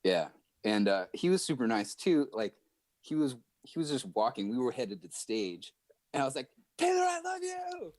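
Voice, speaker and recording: A man guesting on a podcast, telling stories in a chatty, animated way with lots of fillers. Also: on the low side, normal speed, no room sound. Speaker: guest musician. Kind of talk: casual podcast storytelling.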